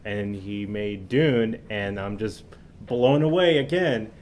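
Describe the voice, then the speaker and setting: A man's voice: on the low side, slow pace, darkish tone, a little hiss or hum. A man co-hosting a casual movie podcast, enthusiastic about films and hesitating with fillers. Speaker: podcast co-host. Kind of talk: casual chat.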